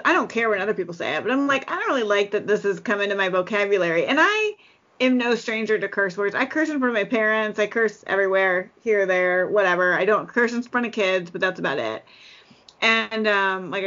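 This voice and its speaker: A woman talking in a relaxed, chatty way, full of fillers and loose restarts. Her voice sits mid-range, and the recording sounds dull and lo-fi. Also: mid-range voice, fairly quick. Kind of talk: casual chat.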